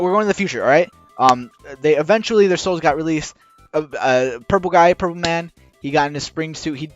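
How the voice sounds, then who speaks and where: A man rambling through a casual explainer while drawing, halting with many restarts and rushing against a timer. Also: medium pitch. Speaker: video creator explaining game lore. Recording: dull lo-fi recording with faint music.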